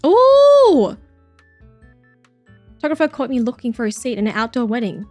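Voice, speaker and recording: A woman in her thirties with a slightly high voice, chatting casually on a livestream. She gushes over viewers' photos, swears freely and throws out mock-jealous insults. Her voice is close and dry, with soft music playing underneath. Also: rapid-fire, no echo. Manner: gushing and swearing, mock-jealous outbursts, frequent laughs. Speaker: streamer reacting to viewer submissions.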